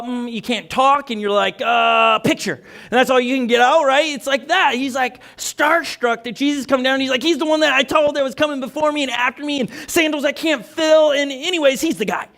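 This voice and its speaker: Pastor guy, really high voice, chatty energetic sermon, keeps restarting sentences. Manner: energetic, conversational preaching with restarts.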